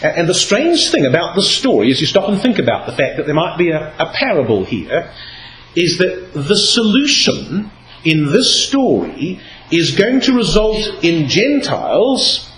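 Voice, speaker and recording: A man giving a Bible talk, reading scripture aloud and shifting his emphasis as he explains. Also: high voice. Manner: expressive, reads scripture aloud with varied emphasis. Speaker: Bible speaker. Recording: echoey hall with faint noise.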